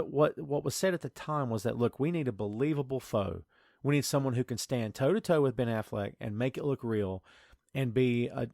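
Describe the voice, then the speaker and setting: A man's voice: medium pitch, vocal fry, a little mellow, no echo, clean studio sound. A man hosting a podcast in casual chat, ranting in an exasperated way. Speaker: podcast host.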